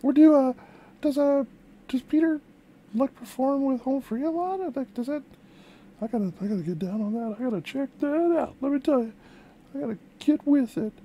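A woman voicing an excitable female puppet who hosts a music reaction vlog, gushing and exclaiming with lots of repeated words. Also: high voice, normal speed. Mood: excited. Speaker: reaction video host.

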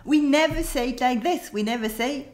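A woman with a French accent teaching a scripted language lesson, modeling words slowly and carefully for learners to repeat. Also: sits high, darkish tone, echoey room. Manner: slow, careful model pronunciations and drills.

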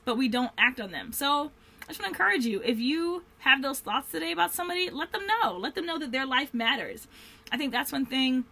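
Bright-voiced woman in a heartfelt vlog. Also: high voice. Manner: earnest, heartfelt, rambling with many fillers. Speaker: vlogger. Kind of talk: candid faith-based vlog talk.

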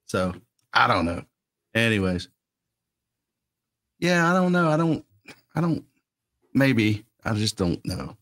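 A man's voice: medium pitch, moderate pace, a bit bright. Laid-back rambling man. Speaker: co-host. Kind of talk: casual fan-show chat.

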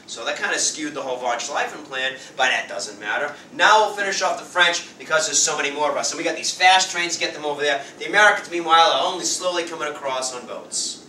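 A man teaching a high school history class, lively and playful, acting out quick voices for the people in his story. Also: a little hiss or hum. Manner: lively, acts out quick voices of nations and leaders. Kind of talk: classroom lecture. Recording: roomy classroom sound from far off.

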